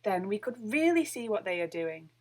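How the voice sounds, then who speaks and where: A woman voicing an excitable, scatterbrained female witch in a storybook reading, with a high exclaiming voice. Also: normal speed. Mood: excited.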